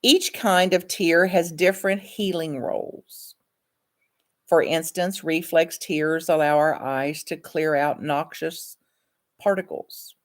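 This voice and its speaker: A woman with a low voice reads from her own book at a slow, unhurried pace. Her delivery is calm, measured and earnest, like a counselor sharing her insights.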